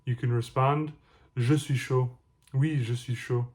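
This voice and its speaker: A man explaining words and phrases in a casual language lesson, slow and patient, giving example after example. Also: medium pitch, fairly even intonation, darkish tone. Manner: measured, explains slowly and gives examples. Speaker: language teacher vlogger.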